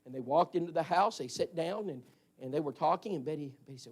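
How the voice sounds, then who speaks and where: A man's voice: fairly high pitch, fast talker, darkish tone, husky. A man, preaching in a storytelling style and acting out the voices of the people in his stories. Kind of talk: storytelling sermon. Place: church hall.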